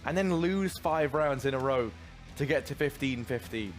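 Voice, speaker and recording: A man doing colour commentary on a video game match, chatty and informal, bursting into excitement on big plays. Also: medium pitch, normal speed, soft background music. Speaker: esports caster.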